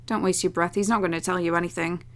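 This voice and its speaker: A woman voicing a guilt-ridden young man in a game, who speaks quietly and evasively with a resigned edge. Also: on the low side, steady tone, quick pace, voice pushed down, lightly acted. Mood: dismissive.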